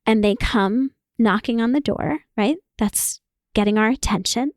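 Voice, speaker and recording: Woman therapist guest, animated, kinda high voice, laughs a lot, dead dry sound. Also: unhurried, dry recording. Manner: animated, acts out quoted voices, laughs often. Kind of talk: casual podcast conversation.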